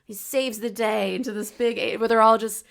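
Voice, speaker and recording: A woman co-hosting a podcast in casual chat, playful and lively, quick to laugh along. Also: on the high side, vocal fry. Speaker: podcast co-host.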